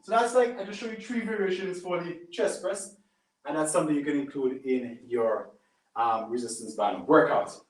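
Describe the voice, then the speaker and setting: A high-voiced man talks a home audience through a resistance band workout, punctuating each rep with a quick "boom." He stands back from the mic in a bare, echoing room. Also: recorded from a distance. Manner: coaching, repeats "right?" and "boom". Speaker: fitness instructor. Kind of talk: live workout demonstration. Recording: echoey room, away from mic.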